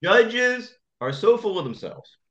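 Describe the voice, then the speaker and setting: A man, an attorney, speaking as a guest in a podcast interview and telling stories in an impassioned, animated way. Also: high-pitched, takes it slowly, dull audio.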